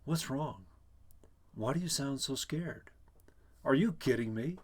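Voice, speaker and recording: A man's voice: mid-range voice, expressive, takes it slowly, breathy edge, pitched above the performer's own voice. A man voicing an anxious middle-aged husband who pleads frantically on the phone. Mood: frantic.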